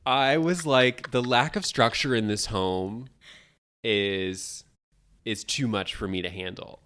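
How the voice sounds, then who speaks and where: Dry, measured woman podcast co-host. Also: very deep voice, a bit bright. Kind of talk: casual chat.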